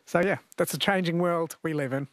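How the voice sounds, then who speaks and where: A man with an Australian accent hosts a radio quiz on a studio mic, speaking briskly in a slightly high voice. As a radio talk show host he is chatty and jokey, laughing often, and the recording is dry.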